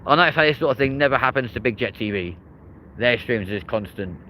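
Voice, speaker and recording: A man's voice: mid-range voice, expressive, a little fast, sharp tone, slight background noise, low-quality recording. A man hosting a live aviation stream outdoors by a runway, chatting casually with viewers and reading their comments. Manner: chatty, reads chat aloud, addresses viewers as mate and folks. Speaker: aviation livestream host.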